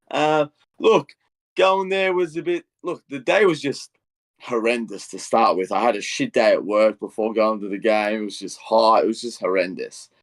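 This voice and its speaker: A young adult man with an Australian accent, a podcast co-host telling a long, animated story, swinging between muttering and loud outbursts. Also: mid-range voice. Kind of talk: casual podcast rant.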